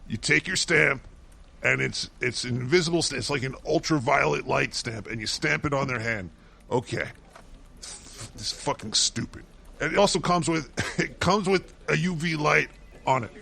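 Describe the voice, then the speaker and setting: A man's voice: mid-range voice, normal speed, gravelly, pushed and bright, husky. A man co-hosting a comedic talk show, delivering a profane, mocking rant. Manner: ranting, swears constantly, mocking. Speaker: co-host doing a segment.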